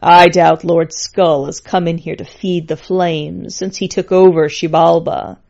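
A woman's voice: lowish voice, little pitch movement, measured pace, gravelly, a little mellow, highs cut off. A woman doing a sly talking skull. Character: talking skull, knowing and sly, genderless thing.

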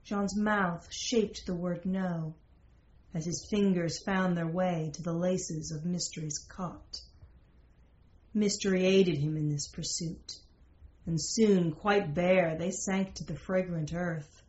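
A woman reading a fantasy romance aloud as a narrator, in a slow, measured way. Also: fairly low pitch, steady tone, a little mellow. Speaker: story narrator. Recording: roomy, slightly dull recording.

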